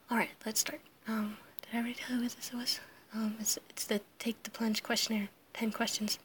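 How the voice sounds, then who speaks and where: A sick-sounding woman answers a questionnaire alone in a casual recording, half-whispering hoarsely, faltering, apologizing often, and laughing nervously. Her voice sits a little high with little pitch movement and a fairly bright tone, and a faint hiss or hum is present; she's an audio creator.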